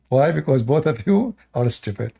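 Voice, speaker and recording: On a live stream, a man from the Middle East lectures his viewers with brief, repeated commands in broken grammar, his Arabic accent reflecting his native language. His mid-range voice carries vocal fry and a dark tone, and there's a little hiss or hum in the audio.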